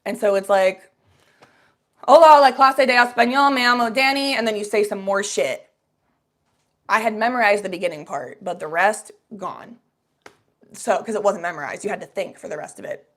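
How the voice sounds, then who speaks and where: Animated young woman telling a story. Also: medium pitch, normal speed. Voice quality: animated, swears freely, acts out voices. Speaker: vlogger. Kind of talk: casual storytelling to a live chat.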